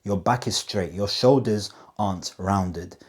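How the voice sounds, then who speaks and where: Communication coach, male, lowish voice, emphatic, deliberate pauses on key points. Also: breathy edge. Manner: emphatic, slows down on key phrases; demonstrative, asks rhetorical questions. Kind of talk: direct-to-camera coaching talk.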